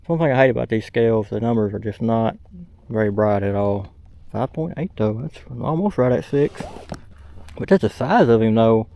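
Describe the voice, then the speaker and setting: A man's voice: medium pitch, moderate pace, creaky, mellow, no room sound. Man vlogging from a kayak. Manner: plainspoken, drawling, lots of "uh" fillers. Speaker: fishing vlogger. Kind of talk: casual outdoor vlog narration. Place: outdoors on a kayak on the water. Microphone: camera mounted on the kayak.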